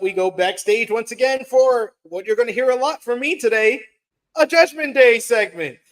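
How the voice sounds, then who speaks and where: A man hosting a casual review chat, reading viewer comments aloud and reacting to them. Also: high voice. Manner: laid-back, reads chat aloud with quick reactions.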